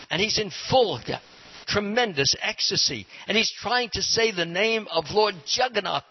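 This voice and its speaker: A man giving a devotional lecture as a spiritual teacher, speaking in an animated way and quizzing his audience. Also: high voice, husky. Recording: dull lo-fi recording with hiss.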